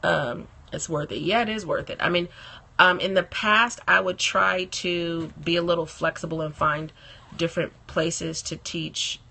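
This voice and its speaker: Beauty blogger, female, live-stream host. Husky, bright tone. Chatty, laughs often, greets viewers by name. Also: fairly low pitch, measured pace. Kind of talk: casual live-stream chat.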